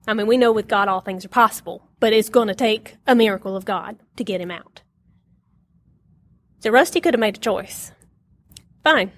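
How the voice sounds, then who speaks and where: With a medium-pitched voice and no echo, a middle-aged woman animatedly tells stories during a casual group Bible lesson, often laughing and acting out the quotes.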